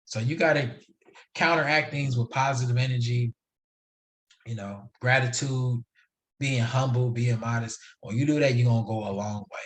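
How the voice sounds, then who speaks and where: A man's voice: mid-range voice, normal speed, fairly bright tone. A young man hosting a solo podcast, talking casually in a slangy, emphatic, preachy way. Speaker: podcast host.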